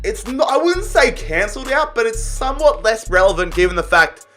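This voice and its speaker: A young man giving casual gameplay commentary, excitable, swearing freely and calling his viewers lads. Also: very high voice, a little fast, faint music behind. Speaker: gaming YouTuber.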